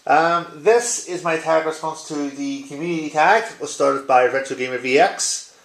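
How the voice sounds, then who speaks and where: A man's voice: fairly high pitch, normal speed, reverberant, poor audio. A man hosting a gaming channel, giving a casual vlog tag response in a chatty, joking way with frequent ums. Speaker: YouTube gaming channel host.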